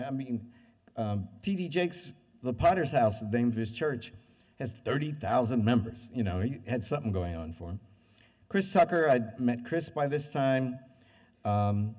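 An older man giving a university lecture, telling stories and acting out the voices of the people in them. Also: mid-range voice. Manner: lively anecdotes, acts out quoted voices. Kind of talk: animated storytelling lecture. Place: lecture hall with audience. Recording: lecture hall reverb.

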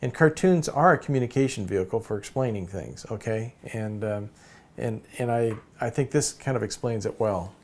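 A man teaching a cartooning course in a relaxed way, with many fillers and restarts. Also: on the low side, normal speed. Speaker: cartooning instructor. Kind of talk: casual course lecture.

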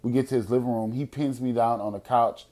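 A young adult man hosting a podcast, telling a personal story in a casual, profane way, at times lively and at times quiet and serious. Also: mid-range voice, fairly quick. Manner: profane, animated storyteller who drops to quiet, serious tones. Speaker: podcast host.

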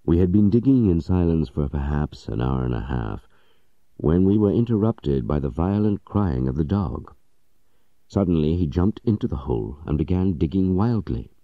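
Very deep-voiced man reading a story. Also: expressive, moderate pace, no room sound, dull audio. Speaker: audiobook narrator. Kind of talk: scripted story narration.

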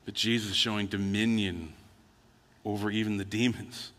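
Bright-voiced male pastor in a reverberant church. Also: on the low side, level tone, normal speed. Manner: conversational storytelling preaching with acted quotes. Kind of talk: sermon. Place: church sanctuary. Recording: church hall with long reverb.

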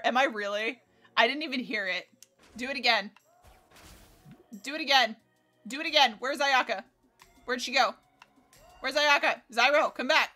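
Woman game streamer, high voice, bright tone, chatty and excitable, faint game music behind. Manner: chatty, excitable, swears and laughs. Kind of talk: live gameplay commentary.

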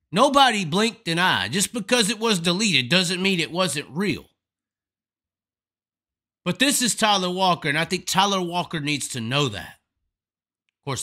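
A man's voice: on the high side, bright, forceful tone. A man hosting a live stream, delivering a profane, emphatic, rambling rant of commentary. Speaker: host.

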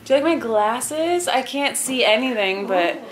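A chatty young woman vlogging at home, talking to the camera and her kids in a slightly high voice. The home video has plenty of background noise. She keeps a casual, easygoing flow. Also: expressive, a little slow. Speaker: vlogger and mom. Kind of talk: casual family vlog.

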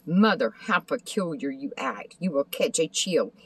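A woman's voice: sits low, animated, unhurried, slightly rough, recorded from a distance, heavily acted. Woman voicing a worried, caring mother. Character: anxious, caring mother of a large family.

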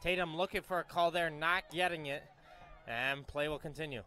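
Bright, high-voiced male soccer commentator. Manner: brisk play-by-play, self-correcting names. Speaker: play-by-play commentator. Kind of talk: live youth soccer commentary.

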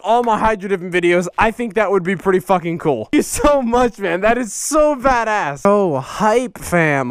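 A young man vlogging as he opens fan mail, excitable and swearing a lot, breaking into shouts. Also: high voice, clean tone, dry recording, clean studio sound. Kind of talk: casual profane vlog chat.

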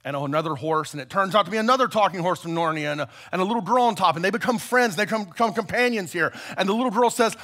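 A male pastor preaching a sermon, retelling a story as an animated storyteller. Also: high voice, quick pace.

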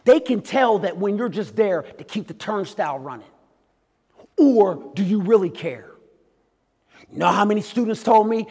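Animated man speaking in an echoey hall. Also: high voice, moderate pace. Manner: animated storytelling, acts out voices, swings loud and quiet. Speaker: keynote speaker. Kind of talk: motivational talk to a live audience.

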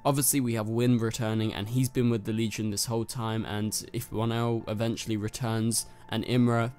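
A man's voice: fairly low pitch, little pitch movement, moderate pace, a little mellow, faint music behind. A man from North London with a London accent, casually reviewing a TV episode in a chatty, rambling way, full of fillers. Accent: London English. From North London, England. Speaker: TV review host.

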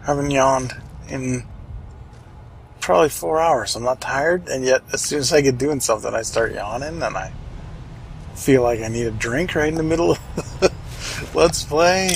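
A man's voice: mid-range voice, vocal fry, a little hiss or hum, poor audio. A man casually commenting on his own gameplay, wry and chatty, muttering to himself and swearing now and then. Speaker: let's play host.

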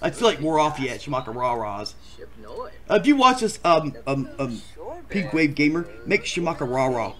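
A man voicing an overemotional bachelor contestant who swings into shouting, in a comedic voice performance. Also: fairly high pitch, sing-song, moderate pace. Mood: sheepish. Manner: melodramatic, swings to shouting, keeps saying "Mon". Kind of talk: comedic voice acting.

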